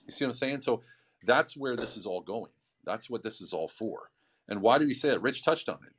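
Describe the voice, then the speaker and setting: A man's voice: mid-range voice, expressive, a little fast, husky. A man and veteran entrepreneur giving an earnest, impassioned talk on an online call, with frequent restarts. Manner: earnest, stumbling restarts, swings between loud and quiet. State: getting emotional. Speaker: veteran entrepreneur, visionary of the project.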